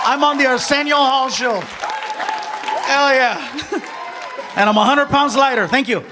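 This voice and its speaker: A man doing stand-up storytelling in an animated, excitable way, laughing along with his own story. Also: extremely high pitch, takes it slowly, long pauses, big-room sound, a loud crowd, very noisy. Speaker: stand-up comedian.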